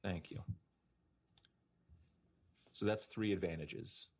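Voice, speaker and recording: A man playing a tabletop game, talking through his moves with tentative pauses. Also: deep voice, steady tone, breathy edge. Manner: hesitant, tentative. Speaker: player.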